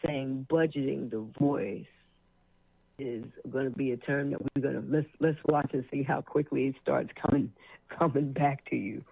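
A man's voice: medium pitch, fairly even intonation, moderate pace, vocal fry, slightly rough, dry recording. A man hosting a casual interview, speaking unhurriedly and adding affirming interjections. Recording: tinny phone-like line, dry.

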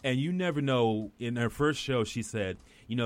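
This time the West Indian actor sounds animated, his mid-range voice moving at normal speed. The middle-aged guest keeps the chat casual, rambling through stories that he restarts often.

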